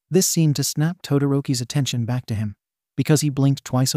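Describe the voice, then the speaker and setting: A man reading a fan-fiction story aloud as scripted narration, in an even storybook manner. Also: mid-range voice, brisk, dry recording, clean studio sound.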